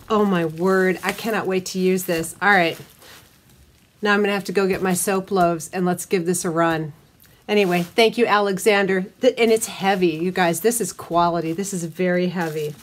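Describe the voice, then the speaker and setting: Excitable woman gushing to camera. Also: on the low side, normal speed, a little hiss or hum. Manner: gushing, excitable, talks to viewers as "you guys". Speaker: soap maker and channel host. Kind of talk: casual unboxing vlog.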